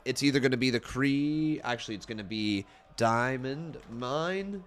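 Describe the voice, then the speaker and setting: Reading viewer comments during a laid-back wrestling watch-along, the young streamer keeps up a chatty flow at a moderate pace. His medium-pitched voice is animated yet a little tired and strained.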